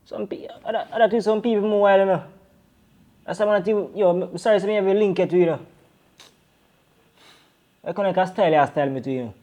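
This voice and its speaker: A man's voice: high-pitched, quick pace, pauses often, dark tone, close to an everyday voice. A man with a Jamaican accent playing a deported man back home with his brother, talking in a rambling, defensive way full of "you know". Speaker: actor in a crime drama. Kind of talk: Jamaican Patois film dialogue.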